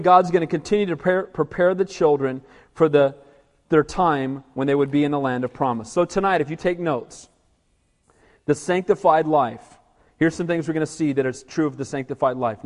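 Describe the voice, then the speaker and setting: A man's voice: fairly high pitch, darkish tone. A male pastor preaching an evening sermon, emphatic and calling for amens from the congregation. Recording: echoey hall reverb.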